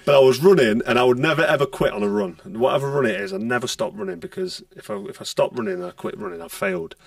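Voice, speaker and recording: A man, speaking fast in a strongly gravelly, fried voice pitched a bit high. He tells stories bluntly and swears freely. The sound is dry, with the mic set a little away from him. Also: animated, dry recording, recorded from a distance. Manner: blunt, swears freely, acts out quoted dialogue. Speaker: retired boxer, podcast guest. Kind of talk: casual storytelling chat.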